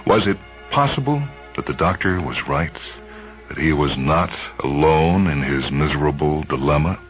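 A man narrating a dramatic story in a measured, brooding way, heard on an old, dull radio recording. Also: a bass voice, lively intonation, soft background music.

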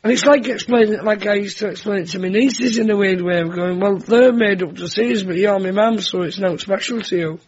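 A man's voice: sits high, fairly quick, hardly any pauses, husky. A young man telling comic family stories as a talk-show guest, acting out voices. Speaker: comedian guest. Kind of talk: anecdotal chat show banter. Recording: dull lo-fi broadcast with audience.

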